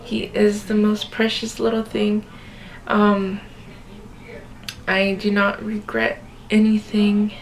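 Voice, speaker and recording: A woman's voice: medium pitch, monotone, slow pace, pauses often. A young woman telling a personal story to her viewers in a casual vlog, chatty and earnest, filling her speech with "like". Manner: chatty, many "like"s, speaks to viewers as "guys"; earnest, emotional retelling. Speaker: vlogger.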